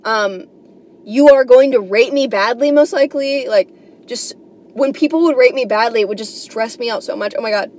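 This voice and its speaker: A woman's voice: on the high side, moderate pace, a little mellow, a little hiss or hum. A young woman from New York hosting a comedy podcast, rambling and swearing, with lots of "like" and "you know". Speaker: podcast host. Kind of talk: casual comedic monologue.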